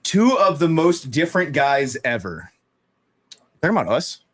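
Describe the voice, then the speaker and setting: A man's voice: fairly high pitch, normal speed. A man hosting a live-stream podcast, talking casually with heavy swearing and frequent laughter. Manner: profane, animated, laughs often. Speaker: podcast host.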